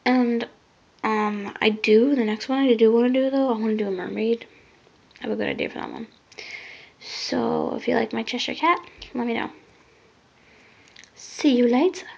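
A woman casually rambling through a makeup vlog. She often trails off into soft mutters. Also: a little high, normal speed, creaky, long pauses, slightly rough. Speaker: makeup vlogger. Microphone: phone. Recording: lo-fi phone recording.

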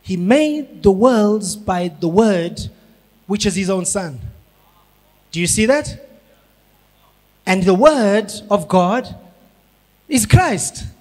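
A man from South Africa, a pastor preaching a sermon, building up to shouted emphasis. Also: high voice, animated, slow pace, pauses often. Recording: long hall reverb.

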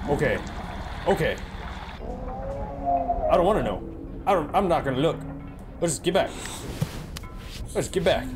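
A man's voice: on the high side, sing-song, measured pace, pauses often. A man playing a horror game and commentating it, jumpy and exclaiming, joking to his viewers. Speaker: let's play gamer. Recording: game music behind.

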